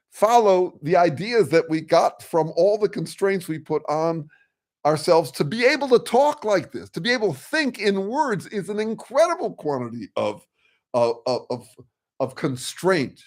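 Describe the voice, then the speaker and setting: An older man hosting a casual discussion, talking frankly and rambling, with restarts and some swearing. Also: on the high side. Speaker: host. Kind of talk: casual discussion on a video call.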